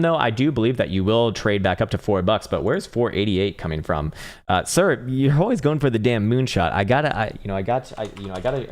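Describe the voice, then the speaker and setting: A man hosting a live trading stream who gives casual market commentary in a rambling, profane, joking way. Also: on the low side.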